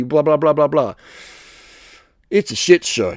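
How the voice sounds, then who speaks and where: A man's voice: mid-range voice, brisk, dry recording, studio quality. Blunt, profane man ranting. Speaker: vlogger giving advice. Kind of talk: rambling casual monologue.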